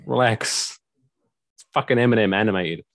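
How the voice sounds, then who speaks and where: Casting: sarcastic, rambling male podcast host, low voice, dry mic. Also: lively intonation, normal speed, no room sound. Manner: rambling, sarcastic, swears freely. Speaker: podcast host telling news stories. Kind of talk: casual chat.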